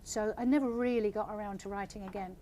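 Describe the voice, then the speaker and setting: Older female author, gentle measured reader at a live event. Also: mid-range voice, steady tone, a little hiss or hum. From England. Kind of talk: reading aloud then audience Q&A.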